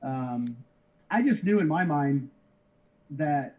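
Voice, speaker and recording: A man's voice: on the high side, animated. Middle-aged guy chatting on a call, keeps restarting sentences, kinda dull lo-fi sound. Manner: halting, many restarts, easygoing chuckles. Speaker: interview guest, card shipper. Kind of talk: casual conversational storytelling. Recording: slightly dull lo-fi audio.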